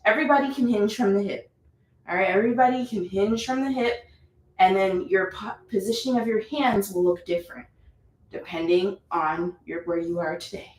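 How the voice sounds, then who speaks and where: A woman's voice: a little high, echoey room, low-quality recording. A woman leading a live yoga class, chatty and encouraging, repeating her cues. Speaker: yoga instructor.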